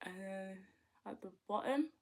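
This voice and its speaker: A young makeup vlogger with a mid-range voice films a tutorial at home, talking at a measured pace. She's chatty, murmuring softly while applying products, then bursting into loud, excited exclamations.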